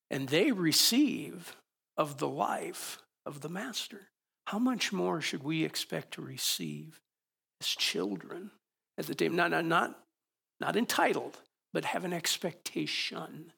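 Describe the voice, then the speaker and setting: A man's voice: on the high side, creaky, fairly bright tone. A man preaching a sermon as pastor, in a conversational way with rhetorical questions.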